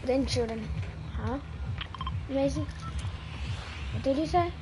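A woman's voice: high voice, unhurried, noisy background. A woman streaming a game, chatting casually and saying dude a lot. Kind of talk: casual gaming commentary.

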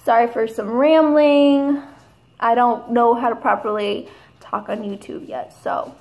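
A young woman in her twenties chatting casually at home in a haul video, gushing and rambling with drawn-out enthusiasm. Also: on the high side, fairly even intonation, a little mellow. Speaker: vlogger.

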